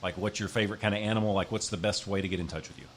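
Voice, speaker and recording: A man's voice: on the low side, steady tone, rapid-fire, a little hiss or hum. A man hosting a casual interview, chatty and joking, with lots of fillers. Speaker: podcast host.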